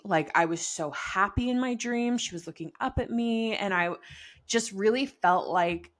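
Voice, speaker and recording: A woman's voice: medium pitch, normal speed, a bit bright. A young pregnant woman co-hosting a podcast, chatting casually with lots of "like" and frequent laughter. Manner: chatty, laughs often, many likes. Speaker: podcast co-host.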